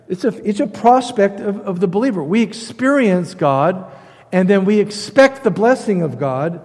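A man's voice: sits high, very animated, normal speed. Emphatic male pastor preaching in a reverberant hall. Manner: emphatic preaching, repeats key phrases, swings from loud to hushed. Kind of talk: sermon. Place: church sanctuary.

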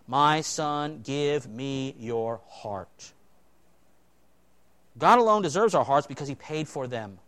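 A male pastor preaching a sermon, swinging between loud, emphatic lines and quiet, low asides.

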